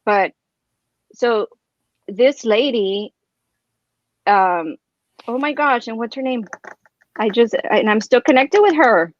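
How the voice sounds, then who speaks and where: A woman telling a personal story in casual chat as a guest, rambling and animated, filling her speech with "like" and "right?". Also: on the high side, takes it slowly, pauses often, muffled recording.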